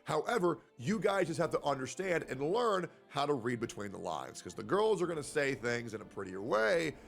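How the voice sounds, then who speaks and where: A man's voice: a little high, sing-song, normal speed, vocal fry, soft background music. A man giving an emphatic, lecturing commentary and repeating his points for stress. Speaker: streamer commentator. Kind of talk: monologue commentary.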